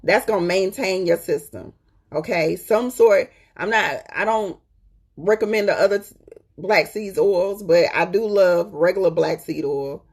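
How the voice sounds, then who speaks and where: A woman talks in a loose, colloquial way to her viewers, calling them "y'all" and driving her points home by repeating them. Her voice sits fairly low and has a husky, breathy edge. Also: measured pace, darkish tone. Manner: chatty and emphatic, repeats points, checks in with "okay?". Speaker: host. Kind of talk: casual live-stream chat.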